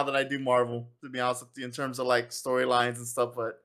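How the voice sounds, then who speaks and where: Man, podcast co-host, bright tense voice, rambling, stumbles over words. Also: medium pitch, monotone, quick pace. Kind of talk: casual podcast chat.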